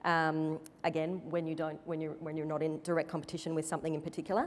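A woman executive speaking on a conference panel, in a measured, careful corporate manner. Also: sits low, level tone. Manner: measured, corporate, careful to avoid direct answers. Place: conference stage before an audience. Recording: reverberant conference hall.

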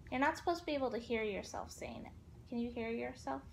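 A young adult woman, the daughter, calmly explaining things in a casual family vlog. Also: fairly high pitch, fast, gravelly, slight background noise.

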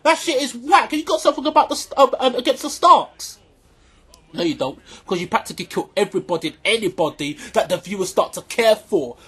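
A vlogger giving an angry, profanity-filled reaction rant to camera, often shouting and repeating points for emphasis. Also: medium pitch, animated, fast, husky.

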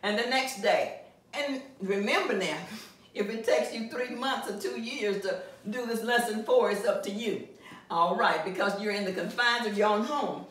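A woman teaching a Spanish vocabulary lesson, drawing out each word slowly and clearly, recorded from a distance. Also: medium pitch, fairly bright tone. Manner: slow, drawn-out enunciation of vocabulary words. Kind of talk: classroom-style language lesson. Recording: very echoey room, mic at a distance.

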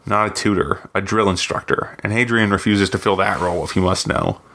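A man reading aloud, voicing a shrewd imperial woman governor in a smooth, probing manner. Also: deep voice, fairly quick, pushed and bright. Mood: pointed. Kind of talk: audiobook reading.

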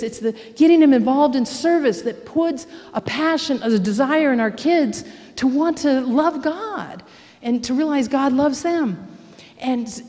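A woman's voice: fairly high pitch, dark tone. A middle-aged woman giving a personal testimony at church. She tells the story with animation and acts out the voices of the people in it. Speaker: church speaker. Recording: long church reverb.

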